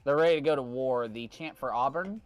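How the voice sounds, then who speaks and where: A man's voice: mid-range voice, a little fast, clear, resonant tone, highs cut off, soft background music. A man hosting a trivia stream in casual, joking chat, telling stories and slipping into playful put-on accents. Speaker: trivia host.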